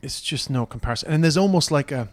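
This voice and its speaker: A man's voice: fairly high pitch, quick pace. A man with a Cork Irish accent co-hosting a casual podcast chat, blunt and sweary, often stammering as he restarts. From Ireland. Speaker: podcast co-host.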